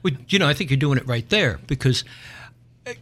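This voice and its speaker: A man's voice: medium pitch, animated, a little fast, a bit bright. A man with a Philadelphia accent hosting an interview podcast, jokey and chatty. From North Philadelphia. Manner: jokey, chatty, laughs along. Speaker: podcast host. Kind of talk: casual interview chat.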